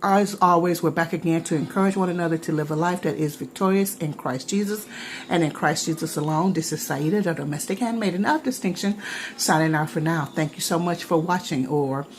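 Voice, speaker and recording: A woman's voice: lowish voice, brisk, slight background noise. A woman vlogger chatting casually to the camera while taste-testing her baking, rambling with many fillers. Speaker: vlogger, home baker.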